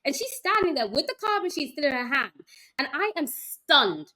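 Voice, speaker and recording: Woman guest, high and bright, animated storyteller who acts out quoted voices. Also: normal speed, rough recording. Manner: expressive, acts out quoted voices, laughs easily. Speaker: app founder, guest.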